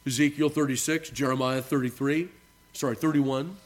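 This male pastor, preaching in church, refers to his listeners as beloved. He keeps a steady tone while being earnest and emphatic, stretching out important words and moving between soft low asides and raised phrases.

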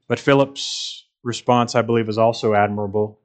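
A man's voice: fairly low pitch, fairly even intonation, moderate pace. A man preaching a sermon in an earnest, emphatic way, repeating phrases for stress.

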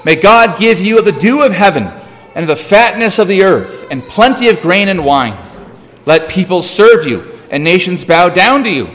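A man's voice: sits high, animated, moderate pace, a bit bright, voice pushed up. A man voicing an aged blind father who gives solemn, declaiming pronouncements, heard with a long hall reverb. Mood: solemn blessing.

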